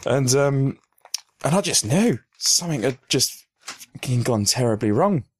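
A man's voice: medium pitch, expressive, measured pace, husky, dry recording, studio quality. A man co-hosting a podcast, telling long, crude, jokey stories in a rambling casual way. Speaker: podcast co-host. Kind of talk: casual storytelling chat.

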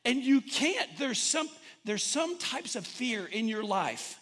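Guy preaching a sermon, pretty high bright voice, keeps repeating himself as he builds up. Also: normal speed, slightly rough. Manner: animated preaching with repeated phrases and restarts. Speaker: pastor.

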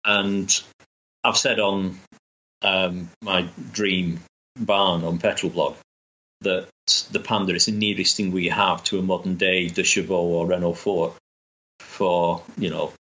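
Low-voiced, bright man. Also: little pitch movement, a little slow, muffled recording. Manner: enthusiastic, rambling with restarts. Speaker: guest. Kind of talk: casual chat.

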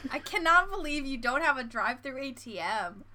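An American woman in casual chat, giggly and lively, acting out little scenes as she tells them. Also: high-pitched, a little fast, slight background noise. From United States. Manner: bubbly, giggly, acts out little scenes in voices.

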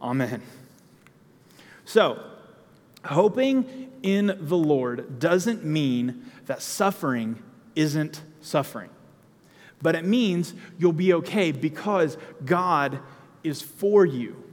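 A man delivers a sermon in a chatty, personal way, now and then breaking into emphatic bursts. His voice sits high for a man. The sound carries the long reverb of a large hall. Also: animated, takes it slowly. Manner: conversational preaching with emphatic outbursts. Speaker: preacher.

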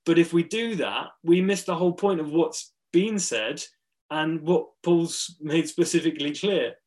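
Slow, earnest preacher man. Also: fairly high pitch, darkish tone. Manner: earnest, emphatic, pausing between phrases. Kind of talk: sermon.

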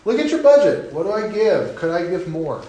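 A middle-aged man preaches in an earnest, conversational way, leaning in to encourage his congregation. His voice sits a little high for a man. The church sanctuary adds a heavy echo. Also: big pitch swings, brisk, warm tone. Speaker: pastor. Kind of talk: sermon. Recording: very echoey sanctuary.

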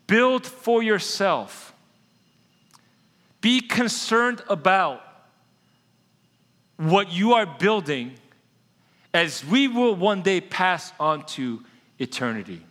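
A male pastor with a high, ringing voice delivers a sermon as a lively storyteller, slowing down to press his key points. His voice carries a long reverb through a church sanctuary. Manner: animated storyteller, slows down to stress key points.

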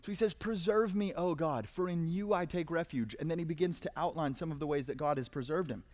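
A man's voice: fairly high pitch, brisk, a little mellow. A man preaching a conversational sermon, reading verses with dramatic emphasis. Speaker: pastor.

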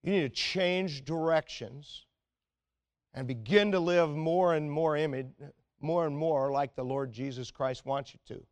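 Male pastor, fairly high voice, earnest sermon delivery that sinks to quiet urgency. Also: unhurried. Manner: earnest and exhorting, often dropping to a quiet, intense tone.

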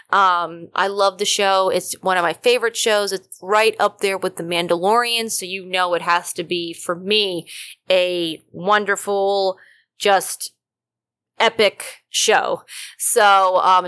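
A woman's voice: mid-range voice, bright, forceful tone. A woman hosting a podcast, chatting casually and rambling with many fillers while feeling unwell. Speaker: podcast host. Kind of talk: casual chat.

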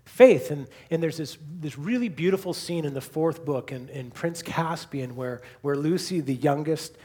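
A man's voice: fairly high pitch, normal speed, a little mellow, slightly rough. A male pastor preaching a sermon and closing in prayer, building to emphatic repeated lines and then falling to a near whisper.

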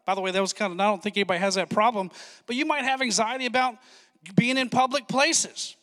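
High bright guy pastor preaching fast and excited, big church reverb. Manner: excited, fast-talking preaching with asides to the congregation. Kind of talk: sermon.

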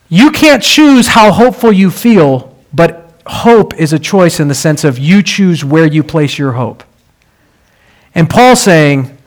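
A man's voice: a little high, sing-song, slow pace. A man preaching a sermon, telling stories in a conversational way and building to emphatic swells.

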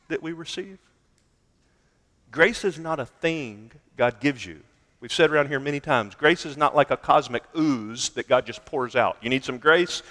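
A male pastor preaching a sermon emphatically, swinging between loud declarations and quiet, low lines. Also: long reverb tail.

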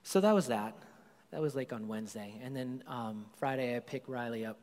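A middle-aged man preaching a sermon as a pastor, telling stories about his kids in a casual, conversational way. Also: mid-range voice. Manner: conversational storytelling, animated when excited. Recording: long reverb of a large hall.

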